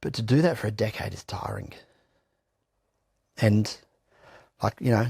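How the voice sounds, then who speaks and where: A man's voice: fairly low pitch, expressive, a little slow, vocal fry, pauses often, a little mellow, husky, no echo, studio quality. A middle-aged Australian man giving blunt, candid personal testimony in an interview, swearing freely and often restarting his sentences. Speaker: interview guest.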